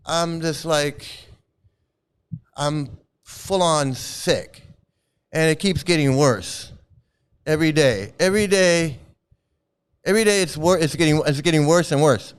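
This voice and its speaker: Guy rambling thru a personal story, chuckling a lot, kinda high voice, smooth tone. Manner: rambling, chuckles often while telling. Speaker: former member recounting his experiences.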